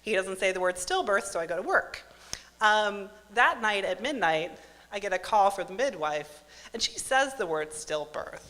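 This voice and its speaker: Bright-voiced woman telling a story live. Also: medium pitch, normal speed. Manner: wry, self-mocking, deadpan asides. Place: stage at a live event venue. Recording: live hall with long reverb.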